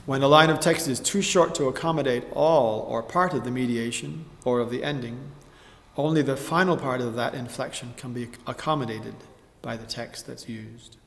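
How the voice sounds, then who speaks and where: A man teaching psalm chanting in a measured spoken tutorial, breaking off now and then to sing short demonstration phrases. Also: mid-range voice, vocal fry. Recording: roomy space with long reverb.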